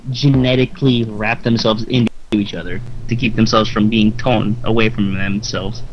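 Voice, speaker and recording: A man's voice: lowish voice, fairly even intonation, normal speed, lo-fi sound, a little hiss or hum. A young man hosting a let's play, rambling in casual gaming commentary and giggling often. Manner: rambling, giggly, lots of fillers.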